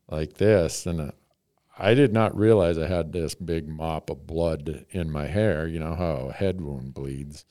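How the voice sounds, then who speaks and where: A man's voice: low-pitched, dark tone, clear, resonant tone, no echo, clean studio sound. A man hosting a podcast, telling a rambling, self-mocking story in casual chat and chuckling often.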